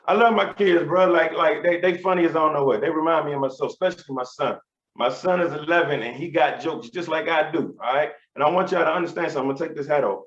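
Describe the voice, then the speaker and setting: A man in his thirties doing a stand-up routine, telling stories in an animated, profane, swaggering way. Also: on the high side, fast talker. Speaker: stand-up comedian. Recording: roomy, dull sound.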